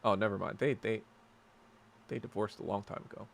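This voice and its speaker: A man's voice: on the low side, steady tone, brisk, creaky. A man hosting a casual podcast chat, rambling and sarcastic, swearing often as he reads and answers viewer comments. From New York. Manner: rambling, profane, sarcastic ranting. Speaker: podcast host.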